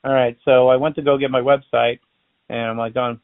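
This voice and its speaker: Brief: friendly storyteller man, gravelly voice, dry close sound. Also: mid-range voice, fairly quick, no room sound. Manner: chatty, animated storyteller acting out dialogue. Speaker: balloon artist and magician. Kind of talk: casual interview storytelling. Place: based in Florida. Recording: tinny phone-line sound.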